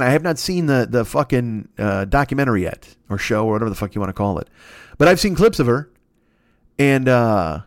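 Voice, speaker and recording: Profane, animated male podcast host. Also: medium pitch, no echo, studio quality. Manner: profane and rambling, laughs at his own jokes. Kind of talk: solo comedic rant.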